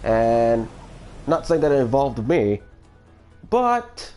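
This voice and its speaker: This Florida streamer chats slowly in a medium-pitched, slightly mellow voice that's very animated. His casual livestream talk meanders, hesitant and packed with fillers and restarts. Soft music plays in the background.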